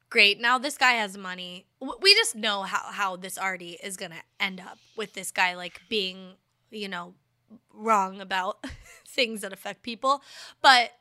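A woman co-hosting a podcast in casual chat, animated and giggly, with lots of filler words. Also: mid-range voice, a little slow. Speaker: podcast co-host.

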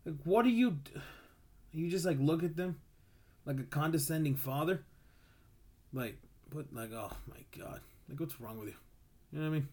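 A man's voice: on the high side, normal speed, pauses often, a little mellow. Exasperated bilingual man ranting. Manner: exasperated, frequent "dude" and "like"; switches between English and Spanish. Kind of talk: casual comedic rant.

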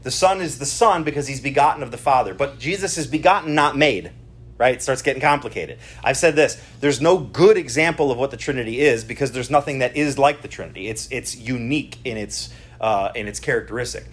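A man's voice: mid-range voice, animated, fairly quick, breathy edge. A middle-aged man preaching a conversational sermon at a church service, often checking in with the congregation. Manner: chatty, keeps checking in with the congregation. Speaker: pastor.

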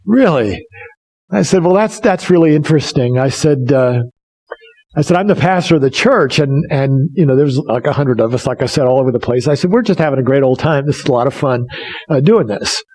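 A man's voice: mid-range voice, lively intonation, a little fast, darkish tone. A male pastor preaching a sermon, telling a story in an earnest way with frequent restarts.

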